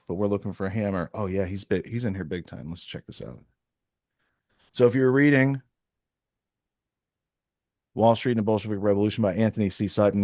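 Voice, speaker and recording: A man hosting a podcast at an everyday mid pitch, talking loosely and thinking aloud as he clicks through sources. His voice is dry and close to the mic, with no room sound around it. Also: darkish tone, no echo. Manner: rambling, thinking aloud while browsing sources. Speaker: podcast host. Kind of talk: casual podcast talk.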